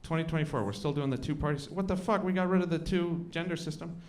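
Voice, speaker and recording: Performing a live stand-up set in a comedy club, a man swears freely and addresses the crowd with rhetorical asides in a conversational style. His voice is a little high and fast, the recording very noisy, with audience laughter in the background.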